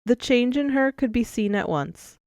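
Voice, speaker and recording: A woman narrating an audiobook in a measured, expressive storytelling manner, close to the mic. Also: on the high side, no echo, muffled recording. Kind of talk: scripted narration.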